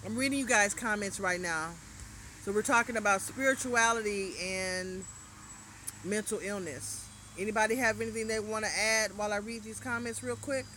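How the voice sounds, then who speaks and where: This woman hosts a casual livestream where she answers viewer comments with spiritual guidance, chatting loosely and restarting after trailing off. Her mid-range voice is bright and forceful, moving at normal speed over slight background noise.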